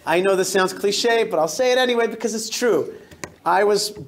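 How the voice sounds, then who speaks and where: A man in his forties, a rabbi giving a lively storytelling talk to a synagogue congregation, often restarting and repeating words. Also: sits high, normal speed, a little hiss or hum. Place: synagogue hall.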